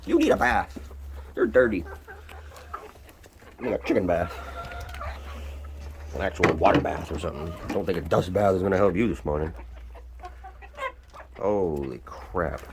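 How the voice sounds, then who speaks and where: A man's voice: expressive, normal speed, pauses often. A man doing farm chores outdoors, casually chatting to his chickens in a playful sing-song voice. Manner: playful, talks to animals in a high sing-song voice. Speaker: homesteader vlogger. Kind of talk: casual chat to his birds. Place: outdoors in a muddy chicken yard. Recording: noisy outdoor farmyard recording. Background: clucking chickens and birds.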